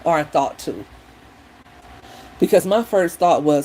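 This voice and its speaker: A woman vlogger in a casual chat while doing her hair, retelling things in a rambling, opinionated, animated way. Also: on the low side, unhurried, long pauses, a little hiss or hum, poor audio.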